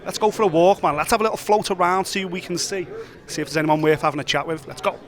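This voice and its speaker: A man hosting a casual walk-and-talk vlog, chatty, excitable and free with swearing. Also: high-pitched, fast talker, a crowd in the background. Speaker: host.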